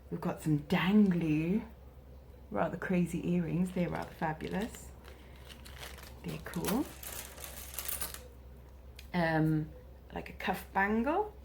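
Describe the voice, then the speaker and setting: Slow-talking woman vlogger. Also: fairly low pitch, vocal fry, slight background noise. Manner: gushing and excitable. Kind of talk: casual unboxing chat.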